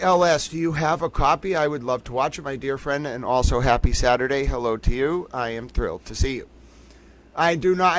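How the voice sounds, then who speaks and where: A man's voice: fairly high pitch, fairly bright tone. Playful man hosting a live stream. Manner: playful, repetitive and gushing, talking to chat. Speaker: livestream host. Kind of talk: casual live-stream chat.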